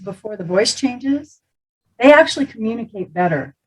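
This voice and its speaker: Lively woman voice coach demonstrating. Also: fairly high pitch, moderate pace, husky, low-quality recording. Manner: demonstrates voices, laughs often, animated. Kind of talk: teaching talk on speaking voice.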